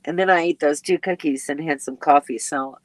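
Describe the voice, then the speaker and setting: A woman with a fairly low voice chats through a casual live stream. She reads viewer comments aloud and rambles along with plenty of ums and small laughs. She sounds sleepy, and her voice comes across dry and close, with no room echo. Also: brisk. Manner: chatty and rambling, with frequent ums and little laughs. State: sleepy and yawning. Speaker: RV travel vlogger hosting a live chat.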